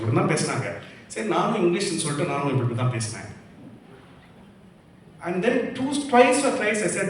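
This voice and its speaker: A man in his forties with an Indian English accent, giving an energetic, emphatic motivational talk on stage and slipping into quick Tamil asides. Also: on the high side, slight background noise. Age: 40s. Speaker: invited speaker. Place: large echoey hall. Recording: echoey hall from far off.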